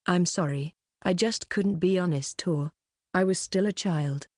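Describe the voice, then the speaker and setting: Woman reading an earnest sorry young guy, lowish voice, dry. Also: a little slow, a little mellow, dry recording. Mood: remorseful. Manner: earnest, apologetic. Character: remorseful young man, earnest and apologetic.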